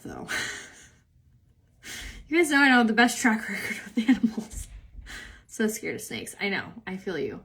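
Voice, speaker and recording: A woman's voice: a little high, sing-song, moderate pace, a bit bright. A young woman hosting a makeup live stream, chatting casually and answering viewer comments, rambling and saying "like" a lot and laughing easily.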